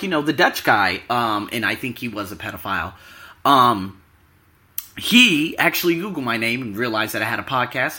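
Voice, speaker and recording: A man's voice: fairly high pitch, sharp tone. A man in a casual vlog monologue, talking emphatically and straight to his viewers. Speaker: YouTuber and podcaster.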